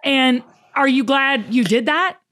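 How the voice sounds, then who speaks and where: Woman host, high voice, emphatic and preachy, casual chat. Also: unhurried. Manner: animated, preachy and emphatic, acts out quotes. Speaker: podcast host.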